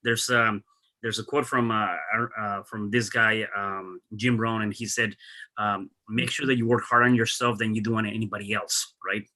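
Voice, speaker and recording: A man hosting a podcast, talking in a halting way with many restarts. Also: on the low side, level tone, pushed and bright. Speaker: podcast host. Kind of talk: casual podcast interview.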